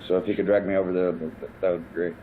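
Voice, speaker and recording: A man playing in a tabletop game, talking in a halting way and repeating himself. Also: low-pitched, little pitch movement. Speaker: player. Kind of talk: tabletop role-play chat. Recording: tinny phone-like line.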